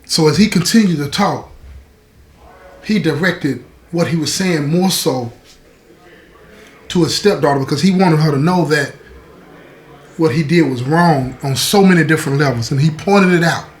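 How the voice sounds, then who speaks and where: A man's voice: fairly high pitch, normal speed, pauses often. A man telling a story in a casual, conversational way, speaking directly to his listeners. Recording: roomy echo.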